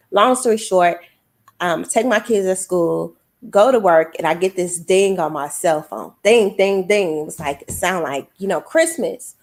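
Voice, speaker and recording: A woman's voice: on the low side, unhurried. A middle-aged woman, a guest author, telling a personal story in casual podcast talk, acting out the voices of the people in it. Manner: emotional, testimonial storytelling with quoted voices.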